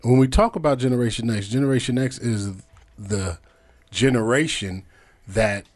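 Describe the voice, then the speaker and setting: A man's voice: mid-range voice, moderate pace, darkish tone. A man in his forties hosting a casual panel talk, posing questions and murmuring agreement. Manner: questioning, lots of affirming murmurs. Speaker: podcast host.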